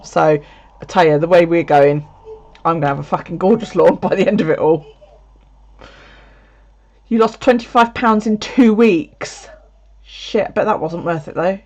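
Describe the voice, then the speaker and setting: A woman's voice: on the low side, a little slow, pauses often, a little mellow. A woman from the UK, chatting casually to her viewers at home, swearing freely and laughing often. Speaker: video creator. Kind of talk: casual live chat to viewers. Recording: dull lo-fi sound.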